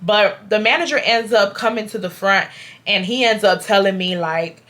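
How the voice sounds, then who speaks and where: Bright-voiced young woman telling a storytime. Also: mid-range voice, normal speed. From Houston, Texas. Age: 20s. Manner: animated, addresses viewers as "y'all", acts out quotes. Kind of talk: casual storytime to camera.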